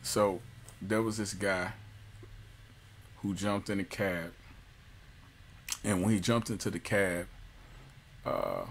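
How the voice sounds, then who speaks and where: A man giving a casual music software tutorial, loose and jokey, with slang and lots of fillers. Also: sits low, lively intonation, takes it slowly, gravelly, long pauses, slight background noise. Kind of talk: casual screen-recorded tutorial.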